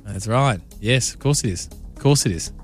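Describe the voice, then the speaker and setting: An Australian man hosting a radio show in casual banter, chatty and quick to laugh. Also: mid-range voice, lively intonation, faint music behind. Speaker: radio host.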